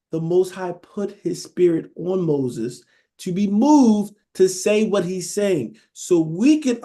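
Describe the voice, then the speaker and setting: A man's voice: high voice, warm tone. Man preaching casually, checking in constantly. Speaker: Bible teacher. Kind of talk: sermon.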